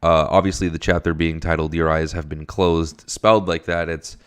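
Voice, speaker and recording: A man's voice: steady tone, moderate pace, smooth. A man casually reading a webcomic aloud and commenting on it. He swears freely, rambles, and sounds tired in the early morning. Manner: profane, rambling, jumps high when surprised. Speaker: webcomic reader.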